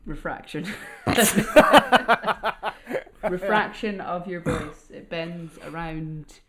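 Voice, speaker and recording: A young woman with a Scottish accent chats on a podcast, quick and playful. Her voice sits fairly low for a woman, and she jumps from one thought to the next. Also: steady tone, a crowd in the background. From Scotland. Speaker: podcast co-host. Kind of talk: casual podcast chat.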